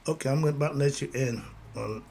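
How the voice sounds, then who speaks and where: This male host has a mid-range, gravelly, slightly mellow voice and talks a little fast, with some faint hiss or hum in the recording. He delivers a motivational monologue on spiritual life, preaching rhythmically and repeating his catchphrases.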